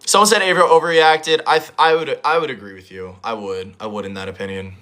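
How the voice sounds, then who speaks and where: A young man hosting a livestream, chatting casually and rambling as he answers chat comments, his voice a little hoarse. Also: medium pitch, fairly even intonation, quick pace, a bit bright. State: hoarse, voice recovering. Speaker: livestream host.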